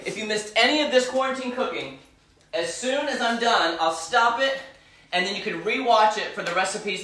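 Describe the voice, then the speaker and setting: Bubbly high-voiced man cooking live. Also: bright, forceful tone, reverberant, distant mic. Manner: bubbly, gushing, chatty. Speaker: home cooking vlogger. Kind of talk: live cooking stream chat. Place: home kitchen.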